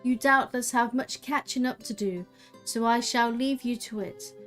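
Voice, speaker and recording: A woman voicing a formal, polite male servant who speaks in a measured way. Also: fairly high pitch, a bit bright, soft background music, natural voice. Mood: courteous.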